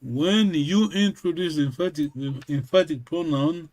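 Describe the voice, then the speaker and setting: A man who speaks natively, teaching a lesson over a video call, slow and patient, often checking in with a quick "yes?". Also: on the high side. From Congo region, Kikongo-speaking village. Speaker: language teacher. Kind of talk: online language lesson.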